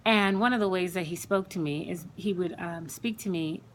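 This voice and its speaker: A woman with a slightly low voice tells her personal faith testimony, unscripted and earnest. She circles back, repeats words and leans on fillers as she talks. A faint ambient hum sits under the recording. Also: moderate pace. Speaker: Christian speaker sharing her testimony.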